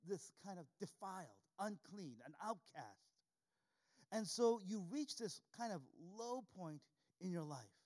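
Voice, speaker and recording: A pastor with a high-pitched, slightly mellow voice preaches a sermon, reading scripture aloud and repeating key lines for emphasis.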